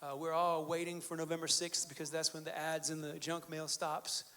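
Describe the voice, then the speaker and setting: A man's voice: a little high, flat delivery, normal speed, sharp tone. A pastor in his thirties or forties giving a sermon in a church, casual and joking, telling stories with many fillers. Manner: conversational, joking storytelling with fillers. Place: church sanctuary.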